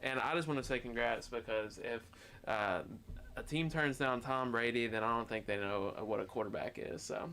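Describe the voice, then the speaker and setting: A man's voice: mid-range voice, normal speed, few pauses, sharp tone, a little hiss or hum. A young man co-hosting a student sports show, laid-back and chuckling, telling the news in a loose, rambling way. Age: young adult. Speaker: co-host. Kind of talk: casual sports talk. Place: student media studio.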